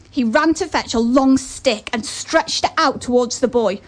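A woman's voice: fairly high pitch, moderate pace, few pauses. A woman giving an earnest motivational talk and telling a story, with chatty asides.

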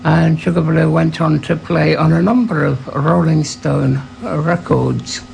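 Gravelly-voiced radio presenter telling an anecdote. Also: medium pitch, measured pace, a little hiss or hum, low-quality recording. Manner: relaxed storytelling with fillers and acted quotes. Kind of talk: anecdotal introduction of a record.

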